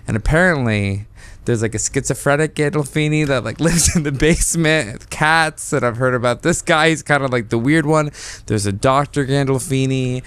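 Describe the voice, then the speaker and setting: Smooth-voiced young man, rambling casually. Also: medium pitch, a bit bright, dry recording. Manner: rambling, halting, many fillers and restarts. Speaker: podcast guest, actor. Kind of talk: casual chat.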